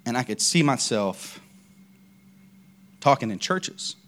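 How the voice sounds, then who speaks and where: A man's voice: mid-range voice, lively intonation, takes it slowly, a bit bright. A man preaching a casual, conversational sermon, telling stories with lots of fillers and restarts.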